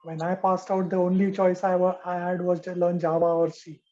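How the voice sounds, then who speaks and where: A host with a mellow, warm tone asks casual interview questions. The host murmurs short encouragements while the guest talks. The sound comes through dull, lo-fi call audio. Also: medium pitch, flat delivery, normal speed. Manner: brief encouraging backchannels.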